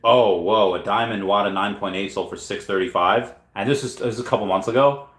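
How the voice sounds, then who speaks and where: A man with a lowish voice talks casually on a livestream, drifting between thoughts and stopping to correct himself. The room around him is noticeably echoey. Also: fairly quick, a bit bright. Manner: rambling, self-correcting, thinking aloud. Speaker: channel host answering chat questions. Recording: roomy echo.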